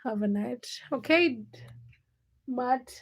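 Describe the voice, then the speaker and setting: Young woman on a late night livestream, talks slow, kinda high voice, teasing people in the chat by name. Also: breathy edge, muffled recording. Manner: chatty, teasing viewers by name. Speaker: livestream host.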